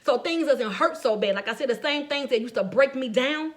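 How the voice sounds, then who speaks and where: Animated, higher-voiced middle-aged woman storyteller. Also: brisk. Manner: animated, conversational, addresses listeners directly; laughs often while telling stories. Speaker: faith speaker. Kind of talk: faith-based personal storytelling.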